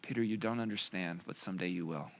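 A man voicing a calm, gentle male teacher, speaking softly, low and slowly. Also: heavily acted. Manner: soft, low, slow and patient.

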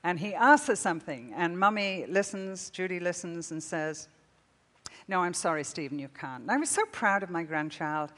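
An older woman delivers a sermon in a storytelling manner, often breaking into laughter. Her voice sits a little low. The sound carries the long reverb of a large hall. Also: normal speed, fairly bright tone. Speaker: speaker.

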